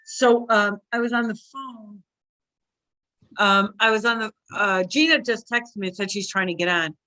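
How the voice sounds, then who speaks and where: A woman on a casual talk show, telling a story of her own and acting out what she said at the time. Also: normal speed. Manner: animated, acts out her own past lines in a shrill cry.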